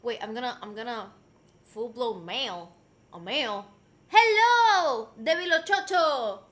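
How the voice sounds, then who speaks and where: Woman streamer, bright voice, lively pitch, chatty, teases her pet, home stream. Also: unhurried. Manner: chatty, reads chat messages aloud; coos and teases her pet between comments. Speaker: live streamer. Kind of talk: casual live-stream chat.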